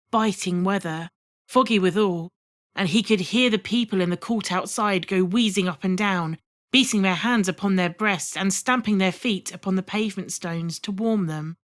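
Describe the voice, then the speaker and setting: A woman reading a classic story aloud as an audiobook narrator, in measured and expressive scripted narration. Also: medium pitch.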